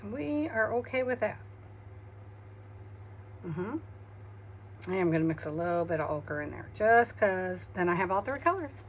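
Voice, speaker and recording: Quiet woman murmuring over her crafts. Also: medium pitch, very animated, moderate pace, pauses often, a little hiss or hum. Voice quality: hums and murmurs to herself while working. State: quiet, tired after migraine. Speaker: craft video host. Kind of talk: casual crafting chatter.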